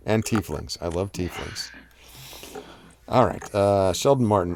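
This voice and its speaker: In casual live-stream chat, this host reads viewers' comments aloud and rambles on with fillers and restarts. His voice sits low, animated but a little slow, pausing often, with a darkish tone and slight background noise.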